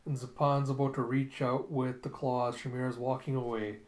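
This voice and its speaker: A man's voice: medium pitch, normal speed, echoey room. Man casually recapping a comic. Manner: animated retelling, lots of "and she's like". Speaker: comic reviewer.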